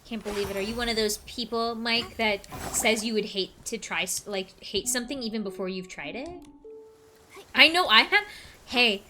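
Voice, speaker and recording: A woman's voice: on the high side, normal speed, sharp tone, soft background music. A woman streaming a game, chatting casually and playfully, teasing her viewers. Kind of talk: casual chat while gaming on stream. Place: at a home computer desk.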